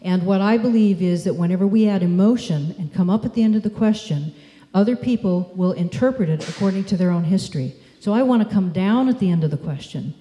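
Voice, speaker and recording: A woman giving a conference talk, telling stories in a measured, demonstrative way. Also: mid-range voice, mellow. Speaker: speaker. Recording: echoey hall.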